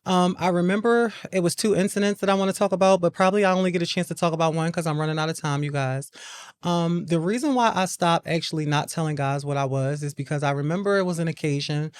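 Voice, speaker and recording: A woman's voice: on the low side, quick pace, no room sound. Woman telling a personal story, dry close sound. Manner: casual, repeats "I remember" to pace the story. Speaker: podcast host.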